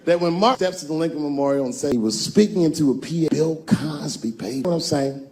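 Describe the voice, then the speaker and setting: A man's voice: a little high, fast, darkish tone. A man doing stand-up, telling a story casually with asides. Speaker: stand-up comedian.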